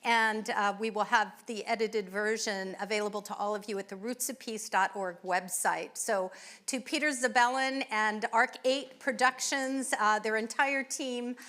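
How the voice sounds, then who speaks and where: Bright-voiced woman hosting a live event. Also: medium pitch, fairly even intonation, moderate pace. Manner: warm effusive thanks with fillers. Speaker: event host. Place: winery event venue.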